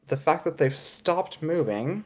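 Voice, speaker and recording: Woman, tabletop player, very low voice, lively pitch, hesitant. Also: measured pace. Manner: hesitant, with many fillers. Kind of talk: casual tabletop play.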